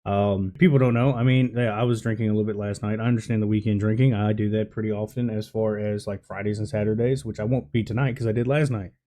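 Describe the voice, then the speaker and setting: A man's voice: fairly low pitch, steady tone, quick pace, few pauses, mellow. A man giving casual reaction commentary on a clip, blunt and scornful, swearing freely.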